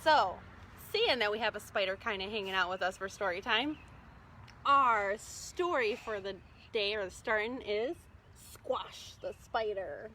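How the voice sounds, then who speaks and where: A woman hosts an outdoor children's storytime, singing songs and reading picture books in a cheerful sing-song way. Her mid-range voice is bright and forceful with lively intonation and a moderate pace. The recording comes from a phone resting on a small table and carries a little hiss or hum.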